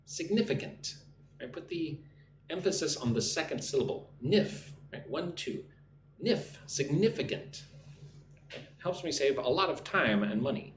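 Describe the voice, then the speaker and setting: Man teaching a lively English lesson. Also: mid-range voice, brisk. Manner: reads chat aloud, models answers, drills pronunciation. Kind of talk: live-streamed speaking lesson. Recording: roomy echo, faint background noise.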